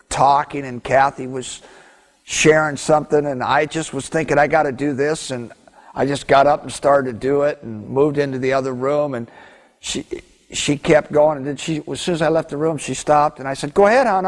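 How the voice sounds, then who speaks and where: A man's voice: on the high side, in a large hall. A man teaching a Christian marriage session to husbands, earnest and exhorting, acting out his own thoughts. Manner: earnest, exhorting, quotes himself.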